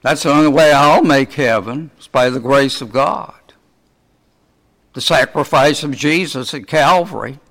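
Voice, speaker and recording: Slow, questioning male preacher. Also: medium pitch, a bit bright. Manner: asks the congregation many rhetorical questions; slow, deliberate delivery. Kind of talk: sermon.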